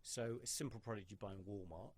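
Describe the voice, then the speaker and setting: A man hosting a podcast who tells stories in an animated way and swears freely in casual conversation. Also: lowish voice, fast, a little hiss or hum. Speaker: podcast host.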